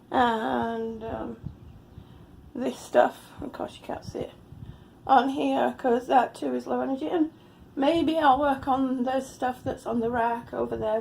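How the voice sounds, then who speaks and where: Breathless and laughing a lot, a vlogger in her fifties chats through her day at home and coos to her cats. She has a high, gravelly, slightly mellow voice. There's a little hiss or hum in the recording.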